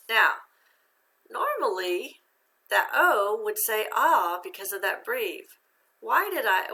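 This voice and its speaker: Bright, gravelly-voiced woman teacher. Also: medium pitch. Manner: patient, encouraging, asks and answers its own questions. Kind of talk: phonics lesson for young students.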